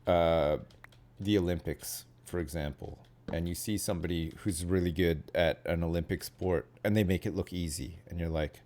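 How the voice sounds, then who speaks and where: A man's voice: sits low, steady tone, moderate pace, a little mellow. A Canadian man chatting casually on a stream, rambling and often ending with "right?". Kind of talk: casual chat.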